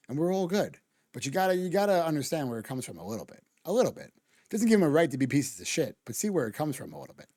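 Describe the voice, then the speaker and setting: With a fairly high, slightly mellow voice and no room sound, a man reacts to a video on stream, close-miked. His casual rant is heated and argumentative, thick with profanity and frequent restarts.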